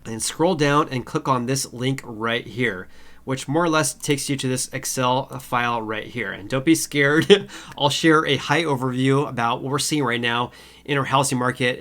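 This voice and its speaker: A man hosting his own explainer video, his voice nasal and stuffy from a cold. He talks casually at a middling pitch, fills gaps with "uh" and repeats his key points for emphasis. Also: a bit bright. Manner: frequent uh fillers, repeats key figures. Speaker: housing market video host. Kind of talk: casual explainer talk to camera.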